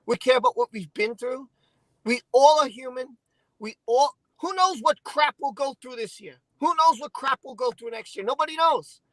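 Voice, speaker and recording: A man hosting a casual stream, venting in an emotional, halting, repetitive way. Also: very high-pitched, lively intonation, fairly bright tone, no room sound, rough recording. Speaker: channel host.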